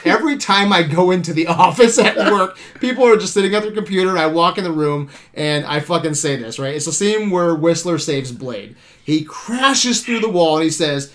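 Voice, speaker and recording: A man's voice: fairly high pitch, normal speed. A man hosting a casual movie-review chat, laughing often and swearing freely. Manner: laughing, profane, animated. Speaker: podcast host.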